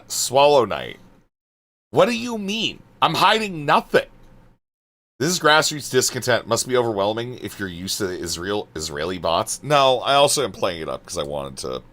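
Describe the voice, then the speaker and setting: A man's voice: mid-range voice, very animated, moderate pace, a bit bright. A male streamer reading out his chat and answering it, exasperated and swearing, trailing off into muttered asides.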